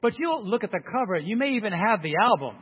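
Emphatic preacher in a reverberant hall. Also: male voice, high voice, sing-song, husky. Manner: emphatic, reads song lyrics aloud slowly. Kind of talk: sermon. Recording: dull, long hall reverb.

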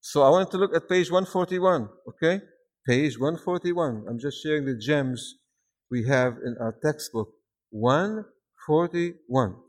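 A man with a foreign accent preaching a sermon, telling stories with energy and rising to shouts at the peaks. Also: fairly high pitch, measured pace. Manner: animated storytelling, shouting at peaks.

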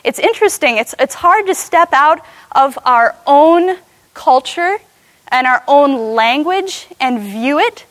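A woman giving an animated class talk to a live audience, often asking them questions. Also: high voice, slow, no room sound. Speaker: speaker teaching cross-cultural ministry.

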